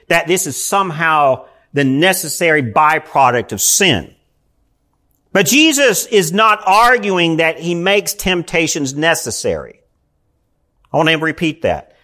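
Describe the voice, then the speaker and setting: Pastor, male, high voice, earnest sermon delivery with frequent restarts. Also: sharp tone. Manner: earnest preaching, frequent "I mean" fillers and restarts.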